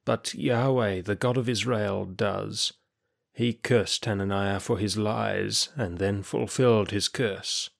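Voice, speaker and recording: Brief: male narrator doing a frail prophet, slow and laboured, in an audiobook. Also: mid-range voice, expressive, creaky, heavily acted. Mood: weary. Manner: slow, strained, faint. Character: weak, ailing older male prophet in prison.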